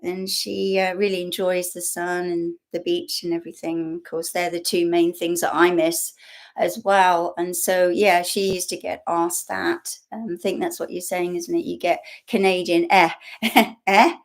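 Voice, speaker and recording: A woman's voice: lowish voice, little pitch movement, normal speed. English woman, casual live-stream host, chatty and rambling, laptop mic. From England. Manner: chatty and rambling, many fillers, frequent laughs. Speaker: YouTube host. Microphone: built-in laptop microphone.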